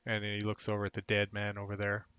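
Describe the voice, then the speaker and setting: A man narrating as game master of a tabletop game, in a halting way with many fillers. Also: on the low side, completely flat delivery, a bit bright, smooth, dry recording, lo-fi sound.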